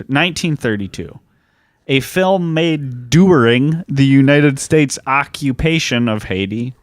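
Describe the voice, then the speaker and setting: A man's voice: medium pitch, no room sound. A man co-hosting a podcast, casually walking through a history topic with frequent fillers. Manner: conversational, hesitant fillers. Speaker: podcast co-host.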